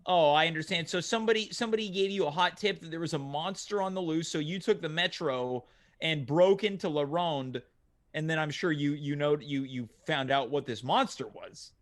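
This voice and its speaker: A man with a high, light voice hosts a comedy interview. He keeps a polite, mock-earnest tone with his guest. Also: moderate pace. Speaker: host.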